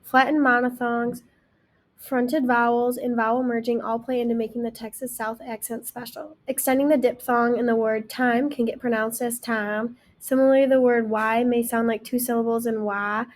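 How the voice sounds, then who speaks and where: A woman's voice: a little high, flat delivery, normal speed. A young woman reading the closing part of a class presentation from a script. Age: young adult. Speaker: student presenter.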